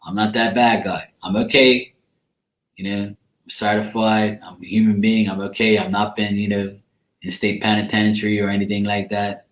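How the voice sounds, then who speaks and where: A man's voice: lowish voice, flat delivery, normal speed. A man, the host of a tarot live stream, chatting casually and rambling while he answers viewers' comments by name. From Bermuda. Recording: echoey room.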